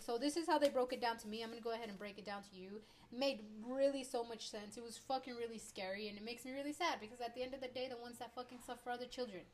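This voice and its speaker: A woman's voice: a little high, slight background noise. A woman in her twenties ranting to her viewers in a rambling, heated, heavily profane way. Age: 20s. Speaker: vlogger. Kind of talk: ranting opinion vlog.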